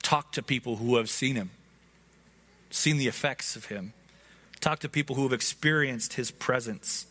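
A man's voice: mid-range voice, moderate pace, sharp tone. A man preaching an Easter sermon as pastor, in an earnest, conversational way, speaking directly to his congregation. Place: church hall before a congregation.

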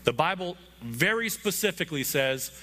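Bright-voiced man preaching a sermon. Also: a little high, expressive, moderate pace, slight background noise. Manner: conversational preaching with asides to the congregation. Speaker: pastor.

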